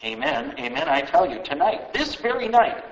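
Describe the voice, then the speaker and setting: A man voicing a calm male teacher speaking solemn, tender last words, recorded in a roomy space. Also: extremely high pitch, normal speed, vocal fry, voice pushed up, exaggerated voice. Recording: roomy echo.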